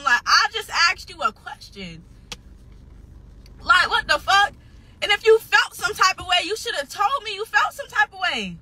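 A woman's voice: extremely high pitch, sharp tone, a little hiss or hum. A nineteen-year-old woman venting on a livestream, upset and defensive, swearing heavily and repeating herself, close to tears at times. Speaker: social media personality.

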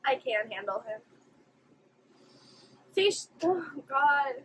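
High-voiced woman reacting to anime. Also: slow, a little hiss or hum, rough recording. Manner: expressive, exclaiming and gasping at the screen. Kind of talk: live reaction commentary.

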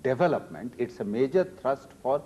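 A man in his sixties with an Indian accent, a finance minister answering interview questions in a measured, repetitive way with hesitant fillers. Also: mid-range voice, expressive, mellow, breathy edge, lo-fi sound. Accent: Indian English.

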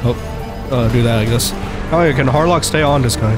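A man with a head cold talks through his game in a thick, nasal voice. His commentary is loose and jokey, rambling to his viewers as he plays. Mid-pitched, with music underneath. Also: brisk. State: stuffy nose from a cold. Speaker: gaming video host. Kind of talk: casual let's-play commentary.

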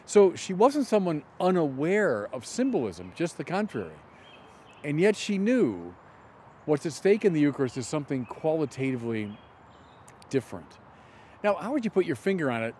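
A middle-aged man, a bishop, gives an emphatic teaching commentary outdoors in a garden, slowing down deliberately on key words. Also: fairly high pitch, big pitch swings, warm tone, a little hiss or hum.

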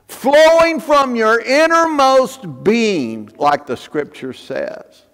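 A male pastor preaching with fervor, his high voice swooping up and down as he leans on repeated phrases. He talks slowly, and every line rings out in a long church-hall echo. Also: sing-song, fairly bright tone. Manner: fervent, emphatic, repeating phrases. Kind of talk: sermon. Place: church sanctuary.

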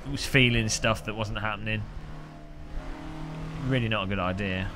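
A man streaming a racing game, joking and rambling with frequent laughs, a little hoarse after hours of talking. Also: fairly low pitch, moderate pace. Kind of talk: live-stream gaming commentary. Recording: game car engine noise behind.

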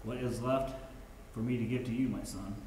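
A man's voice: mid-range voice, steady tone, normal speed, dark tone. A man in a Bible study group reading scripture aloud, stumbling and restarting a few words. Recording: far-off mic in a very echoey room, faint noise.

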